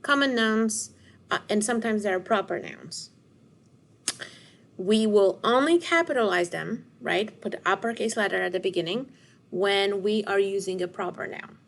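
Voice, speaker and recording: A woman teacher giving a recorded word study lesson to children, speaking slowly and deliberately and sounding out words syllable by syllable with encouragement. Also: mid-range voice, vocal fry. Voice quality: slow, deliberate classroom delivery, stretching out words.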